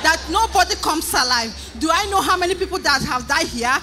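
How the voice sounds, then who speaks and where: A woman with a Nigerian accent giving an emotional testimony in church, animated, repeating phrases, often crying out and laughing. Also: very high-pitched, a little fast, a crowd in the background, noisy background.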